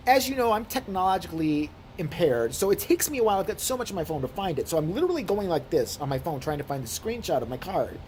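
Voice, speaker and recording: Low-voiced woman ranting with lively swings. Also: quick pace, hardly any pauses, slight background noise. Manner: indignant, swearing, animated storytelling. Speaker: vlogger. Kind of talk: profane ranting storytime.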